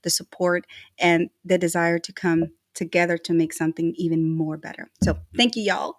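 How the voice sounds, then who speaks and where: A woman's voice: on the low side, steady tone, moderate pace, no echo, studio quality. An effusive, emotional woman co-hosting a casual live-streamed podcast, thanking sponsors in slangy, upbeat chat. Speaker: podcast co-host.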